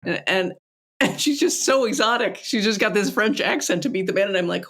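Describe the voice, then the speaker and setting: A woman co-hosting a film podcast in a loose, chatty way. Her voice sits at a middling pitch. She's wry and animated, and she often slips a laugh into her sentences. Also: a little fast. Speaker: podcast co-host. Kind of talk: casual film chat.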